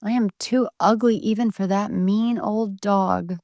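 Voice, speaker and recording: A woman voicing a lonely young duckling who speaks in a soft, sorrowful voice. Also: mid-range voice, fairly even intonation, unhurried, dry recording, close to an everyday voice.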